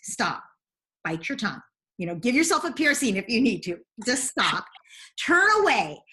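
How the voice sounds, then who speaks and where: A woman's voice: on the high side, sing-song, normal speed, sharp tone. A woman guest in an interview, earnestly explaining parenting advice step by step. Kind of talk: interview answers.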